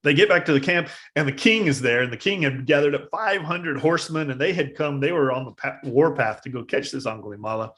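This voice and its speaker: A man giving a dharma talk at a live meditation service, telling a story in a casual, halting way with many fillers. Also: on the high side, animated, a bit bright. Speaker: meditation teacher.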